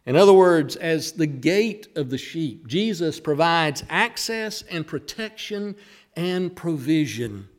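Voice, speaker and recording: Slow, lively high-voiced male preacher. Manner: emphatic, slows down to stress key words. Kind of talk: sermon.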